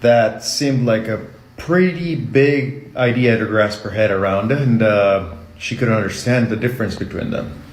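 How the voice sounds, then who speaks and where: Halting man from Mexico, roomy echo. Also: on the low side. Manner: halting, many fillers. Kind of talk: casual storytelling.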